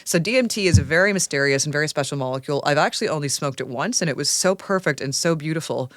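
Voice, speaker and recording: A woman from Canada, a science writer guesting on a podcast, talking in an animated, enthusiastic storytelling way. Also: low-pitched, fast talker, dry recording, clean studio sound. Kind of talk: casual podcast conversation.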